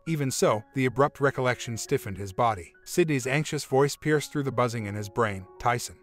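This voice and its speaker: A man reading a relationship story aloud in an even, measured narration. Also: mid-range voice, soft background music. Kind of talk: scripted narration.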